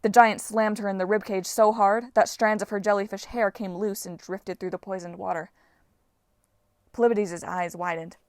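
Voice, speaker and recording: A woman reads a fantasy audiobook aloud in a steady, even storytelling manner. Her voice sits in a middle pitch. The recording is close and dry. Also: normal speed, no echo. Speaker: audiobook narrator. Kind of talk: audiobook narration.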